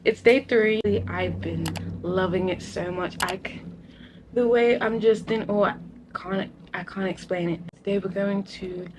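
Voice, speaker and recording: A young woman from the United Kingdom, chatting excitedly in a casual travel vlog while walking city streets, filmed on a handheld phone. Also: medium pitch, a little slow, noisy background. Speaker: travel vlogger.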